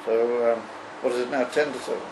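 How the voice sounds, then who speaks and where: A rabbi teaching a class on a religious text, explaining slowly and haltingly with frequent pauses and fillers. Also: male voice, medium pitch, fairly even intonation, background noise.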